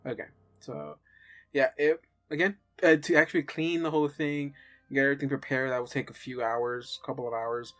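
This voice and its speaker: A man acting as game master, narrating a tabletop game in a relaxed, halting way with many fillers. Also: medium pitch.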